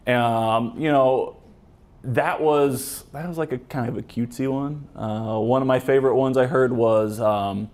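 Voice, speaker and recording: A man's voice: medium pitch, steady tone, moderate pace, darkish tone. A man, a police officer giving a casual talk to a club, joking and rambling with many fillers and restarts. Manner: joking, chatty, acts out quoted voices.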